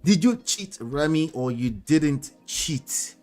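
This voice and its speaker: A fairly high-voiced man comments on clips, firing off disbelieving questions and chuckling between points. Faint music plays behind him. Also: takes it slowly. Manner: animated, incredulous questioning with laughs. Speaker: host reacting to clips. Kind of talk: commentary on celebrity clips, reading chat.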